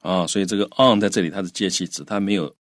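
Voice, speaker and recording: Man, grammar explainer, bilingual lesson, low-ish voice, many fillers. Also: rapid-fire, no room sound, studio quality. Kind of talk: bilingual radio English lesson.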